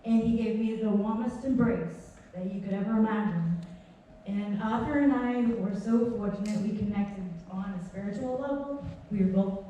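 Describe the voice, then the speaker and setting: A woman's voice: medium pitch, moderate pace, warm tone. Woman giving a heartfelt eulogy, echoey hall. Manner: heartfelt, laughing storyteller. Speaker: speaker at a memorial tribute. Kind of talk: informal eulogy. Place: gathering of a dance community. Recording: echoey hall from far off, faint background noise.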